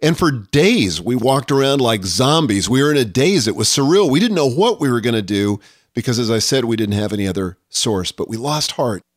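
A man's voice: medium pitch, expressive, a little fast, dry recording, clean studio sound. An older man hosting a podcast, speaking in an earnest, reflective scripted monologue. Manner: earnest, reflective, reads quotes aloud. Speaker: podcast host.

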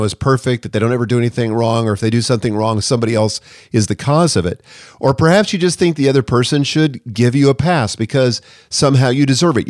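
Podcast host, male, earnest and direct, dry close mic, mid pitch. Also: a little mellow, no echo. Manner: earnest, direct, acts out sample apologies in quotes. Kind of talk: conversational podcast advice.

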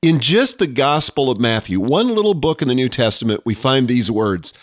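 A man's voice: medium pitch, sing-song, normal speed, no room sound, studio quality. An older man hosting a podcast, speaking in an earnest, reflective scripted monologue. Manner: earnest, reflective, reads quotes aloud. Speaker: podcast host.

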